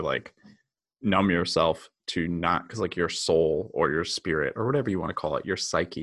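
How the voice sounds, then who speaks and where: A man's voice: deep voice, a bit bright. A man in casual conversation who talks candidly and reflectively and swears freely.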